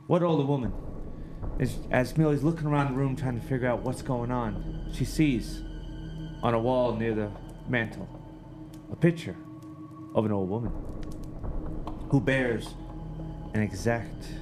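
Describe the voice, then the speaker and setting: A man in casual chat with friends, spinning a scary campfire-style story in an ordinary mid-range voice. He is animated and laughs easily. Soft background music runs under his voice. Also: mid-range voice.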